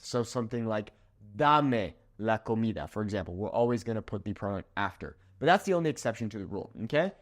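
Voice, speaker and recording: Lively, animated man teaching a lesson. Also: mid-range voice. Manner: animated, checks in with "okay?" often. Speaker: Spanish teacher. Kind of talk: whiteboard grammar lesson. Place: room with a whiteboard.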